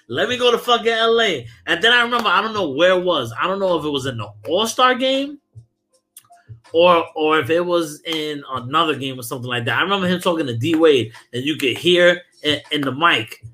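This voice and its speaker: A podcast host from Brooklyn talks in a forceful, bright voice that sits a little high for a man. His New colors a heated, profanity-laced sports rant. The tone stays casual and blunt, like chatting with friends. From Brooklyn, New York.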